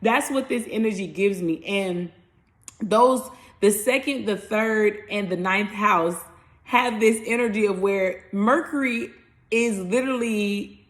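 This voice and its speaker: A young adult woman, a spiritual coach, casually talking tarot and astrology, animated and playful, acting out little voices and swearing freely. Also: mid-range voice, measured pace.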